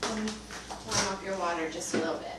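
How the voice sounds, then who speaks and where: A mother softly coaxing her baby through a feeding, speaking in gentle baby talk on a home video. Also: mid-range voice, steady tone, a little fast, very noisy. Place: room at home. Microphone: home video camera. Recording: echoey home video room.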